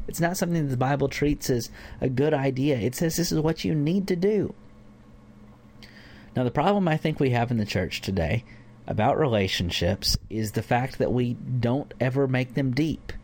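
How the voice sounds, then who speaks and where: Male church teacher, mid-pitched everyday voice, chatty Bible lesson, a little faint hiss behind. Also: expressive, normal speed, a little mellow. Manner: informal, with fillers and acted-out examples.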